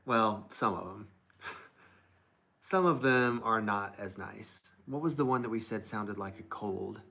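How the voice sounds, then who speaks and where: A man's voice: fairly low pitch, slow pace, creaky, pushed and bright. A young man hosting a casual livestream, thinking aloud and reading chat comments from a laptop. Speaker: livestream host. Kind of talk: casual live-stream chat. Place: indoors at a desk with plants. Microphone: laptop mic.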